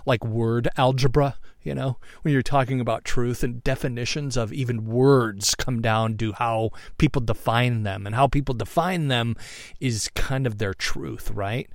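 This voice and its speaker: A man's voice: medium pitch, measured pace, dry recording, studio quality. A man hosting a podcast in a loose, joking way, laughing and swearing in his asides. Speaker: podcast host. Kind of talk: casual podcast commentary.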